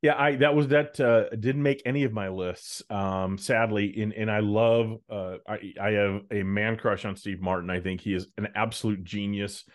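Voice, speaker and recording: A man's voice: lowish voice, fairly even intonation, moderate pace, few pauses. A man co-hosting a podcast, chatting casually and giving jokey, opinionated takes. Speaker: podcast co-host.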